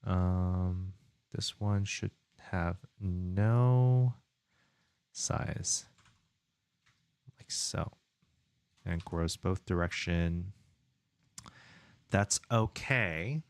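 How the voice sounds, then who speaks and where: A man's voice: low-pitched, very slow, pauses often, clear, resonant tone, no room sound. A man streaming his indie game development, chatting casually, muttering to himself and reading viewer chat aloud while he works.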